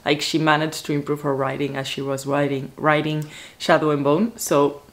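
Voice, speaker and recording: A woman vlogger chatting casually about books to a camera at home, excitable and full of "like" fillers. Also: deep voice, moderate pace. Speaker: book vlogger. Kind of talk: casual book chat to camera.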